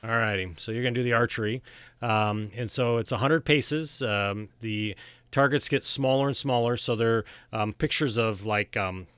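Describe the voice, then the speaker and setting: A man narrating a tabletop game as game master in a casual, halting way with many fillers. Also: mid-range voice, fairly bright tone, smooth, no room sound.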